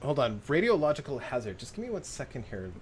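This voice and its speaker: A man's voice: mid-range voice, very animated, fast. A man hosting a game livestream, chatting casually while he checks submissions, often distracted. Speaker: streamer host.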